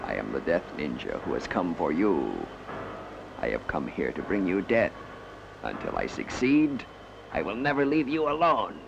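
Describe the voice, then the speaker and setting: A gravelly old ninja villain. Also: male voice, sing-song, noisy background, exaggerated voice. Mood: menacing. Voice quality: deep gravelly menacing voice. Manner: slow, formal, threatening delivery. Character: sinister old man, a deadly ninja in disguise. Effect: old dubbed TV soundtrack. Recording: dull vintage TV dub audio.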